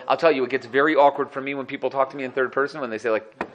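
A man, a rabbi, teaching a religious text lesson, walking through one commentary after another with animated, acted-out quotes. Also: mid-range voice, fast, hardly any pauses.

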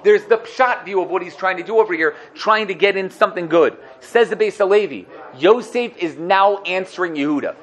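A man teaching a Torah lesson, animated, acting out the quotes he cites and asking his listeners questions. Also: high voice, fairly quick, hardly any pauses.

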